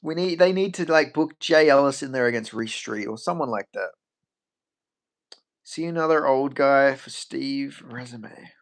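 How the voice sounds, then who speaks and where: A man's voice: mid-range voice, expressive, measured pace. A man chatting casually on a stream. He rambles, swears freely and answers questions from chat.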